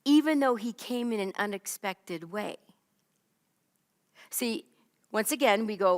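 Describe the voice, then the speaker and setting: A woman's voice: medium pitch, expressive, unhurried, long pauses, in a large hall. A woman teaching a Bible lesson in a conversational way, often checking in with "right?" and "okay?". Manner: chatty, keeps asking "right?" and "okay?".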